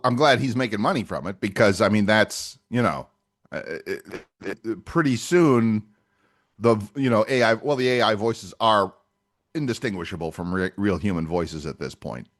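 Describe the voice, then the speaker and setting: Low-voiced, lively male podcast co-host. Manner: chatty and agreeable, quick to back up his co-host. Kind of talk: casual chat.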